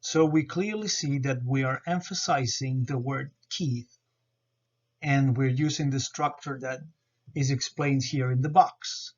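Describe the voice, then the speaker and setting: A man talks through a grammar presentation at an unhurried pace, spelling out each step with care. His voice sits at an ordinary pitch. The recording sounds muffled and lo-fi. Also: a little mellow. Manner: slow, careful, explanatory. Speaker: student presenter. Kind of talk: explaining grammar over slides. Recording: dull lo-fi recording.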